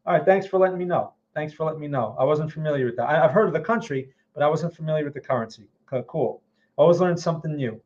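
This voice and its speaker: A man's voice: a little high, quick pace, a little mellow, lo-fi sound. A man hosting a trading channel, answering viewer questions in casual live-stream market commentary. He is blunt and skeptical, repeats words often, and keeps checking in with "okay?" and "right?".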